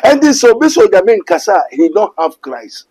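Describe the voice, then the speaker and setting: High, lively Ghanaian man preaching. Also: normal speed, rough recording. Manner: emphatic, quotes scripture, mixes English and Twi. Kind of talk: preaching in a call-and-response exchange.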